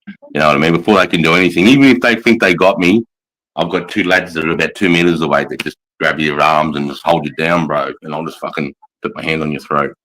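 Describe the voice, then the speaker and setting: Australian army veteran host, deep voice, swears freely, relaxed storytelling. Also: male voice, fast talker, low-quality recording. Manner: blunt, profane storytelling. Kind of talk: casual livestream chat.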